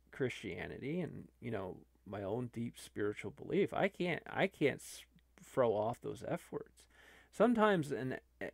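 A man's voice: medium pitch, vocal fry, dry recording, clean studio sound. A man, an online video creator, talking casually and rambling with many restarts.

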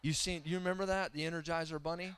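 A man in his thirties preaching a humorous, animated sermon that swings between loud and soft. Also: fairly high pitch, fast talker, clean tone. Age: 30s.

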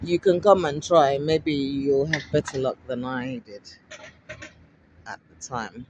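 A woman from Africa chatting to camera while she walks outdoors along a busy street. She repeats herself a lot, asks her viewers many rhetorical questions and gets excitable. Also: a bass voice, slow pace, noisy background. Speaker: vlogger. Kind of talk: casual walking vlog to camera.

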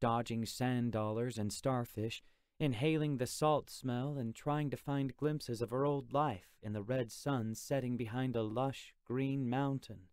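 A man reads a first-person audiobook in a calm, reflective, conversational way. His voice sits mid-range and is recorded dry and close, with no room around it. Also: medium pitch, unhurried, smooth, dry recording. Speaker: audiobook narrator.

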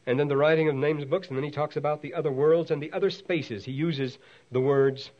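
A man's voice: on the high side, steady tone, brisk, a little mellow. A man giving a university lecture, thinking aloud with fillers and restarts and lifting his voice to read quotations. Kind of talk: university lecture on ancient texts. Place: lecture hall. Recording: dull lo-fi 1960s lecture tape.

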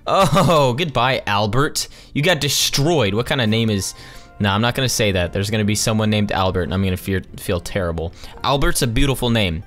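Brief: lively young male gaming host, slangy and sarcastic, animated pitch. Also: moderate pace, soft background music. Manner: slangy, jokey, sarcastic, calls everyone dude. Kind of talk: casual let's-play commentary.

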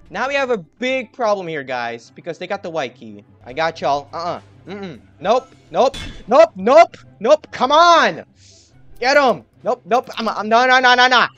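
A young man giving excited gameplay commentary, trash-talking and yelling at other players. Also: high voice, dull audio. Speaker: gaming youtuber.

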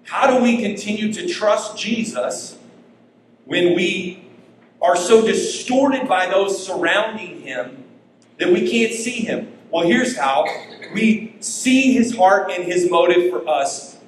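Man, pastor, emphatic sermon, slightly high voice, faint room hiss. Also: expressive, slow pace. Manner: emphatic preaching, rising and falling in pitch. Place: church sanctuary. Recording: echoey church hall.

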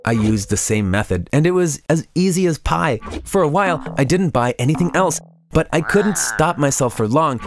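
Man narrating an animated story. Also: mid-range voice, slight background noise. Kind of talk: scripted first-person story narration.

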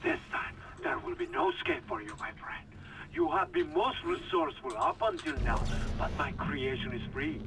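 A gloating scientist villain from a video game, menacing and theatrical. His voice sits a touch high and swoops wildly as he gloats, with a gravelly edge under the words. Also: huge pitch swings, moderate pace, pauses often, a bit bright, slight background noise, exaggerated voice. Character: sinister older male scientist villain, gloating.

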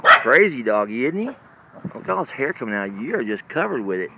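A man's voice: fairly high pitch, sing-song, measured pace, creaky, pushed and bright, slightly rough. A man with a Texan accent, filming at home and talking casually, baby-talking to dogs and laughing often as he chats. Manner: coos and baby-talks to the dogs; laughs often, chatty and playful. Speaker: dog-sitting home vlogger. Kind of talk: casual home video talk. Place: home, indoors and in the yard. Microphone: handheld camera mic.

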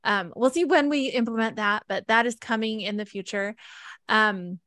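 This is a gushing, emotional woman hosting an event. Her voice sits a touch high and sounds dry and close, with no room around it. She talks over a video call. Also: moderate pace, fairly bright tone, no room sound. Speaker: event host. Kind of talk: casual group chat.

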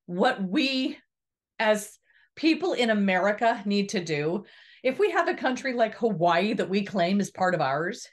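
A woman's voice: medium pitch, big pitch swings, measured pace. A woman giving an earnest, preachy inspirational talk, repeating key lines for emphasis and acting out the voices she quotes. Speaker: motivational speaker. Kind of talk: inspirational monologue to camera.

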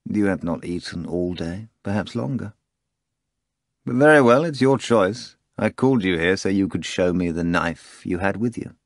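A man voicing a stern, weary Roman procurator who questions quietly and commands. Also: sits low, expressive, normal speed, no room sound, studio quality.

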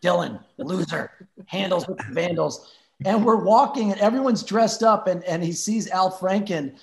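A man who used to be a show regular tells a lively, funny story and laughs often. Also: high voice, normal speed, gravelly. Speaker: guest, former show regular. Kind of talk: anecdote telling.

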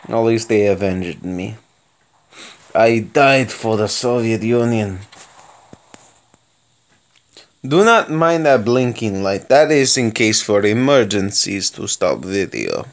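A young man commenting on his own tank game in a playful mock Russian accent, with excitable outbursts mid-battle. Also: fairly low pitch, slight background noise. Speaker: gaming video host. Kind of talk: gameplay commentary.

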